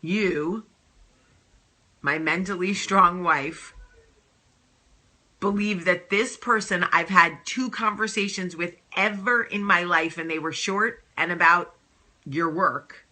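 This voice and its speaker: A woman voicing her own blunt, deadpan husband, who talks in a flat, matter-of-fact and teasing way. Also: on the low side, takes it slowly, long pauses, full character voice.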